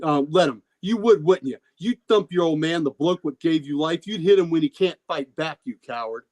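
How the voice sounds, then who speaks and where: A man's voice: fairly high pitch, animated, moderate pace, darkish tone, voice pushed up, lightly acted. A man voicing a bitter, foul-mouthed old father crippled by a stroke, snarling and taunting.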